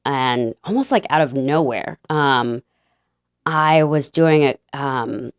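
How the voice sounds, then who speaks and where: A woman guest telling a personal faith story in an interview, halting and emotional, with many fillers and restarts. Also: very deep voice, expressive, clear, resonant tone, no room sound, studio quality.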